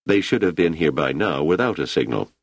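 A man's voice: extremely low pitch, animated, brisk, slightly rough, no echo, lo-fi sound, full character voice. A man voicing a firm, authoritative middle-aged male professor in a storybook reading, formal and precise. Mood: commanding.

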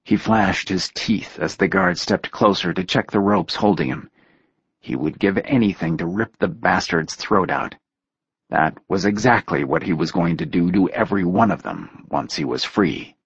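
A man reading a story aloud in a steady, measured narration. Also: sits low, vocal fry, slightly rough, no room sound, highs cut off. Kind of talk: audiobook narration.

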